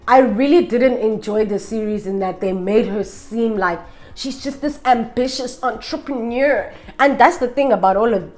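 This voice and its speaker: A woman talking straight to camera in a casual, opinionated review. She is sassy and emphatic and keeps firing rhetorical questions. Faint music plays underneath. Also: fairly high pitch. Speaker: vlogger reviewing documentaries.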